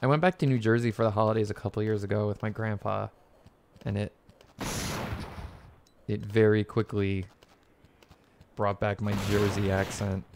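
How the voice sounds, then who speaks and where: A man's voice: on the low side, moderate pace, long pauses, slight background noise. A man with a Texas accent doing casual, joking commentary while he livestreams a video game. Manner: joking, excitable, swears when frustrated. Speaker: streamer.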